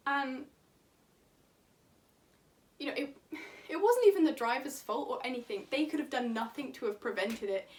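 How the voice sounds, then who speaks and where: High-voiced woman, animated infodumping. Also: recorded from a distance. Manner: animated, chatty, laughs as she talks. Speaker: vlogger. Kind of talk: enthusiastic casual infodump.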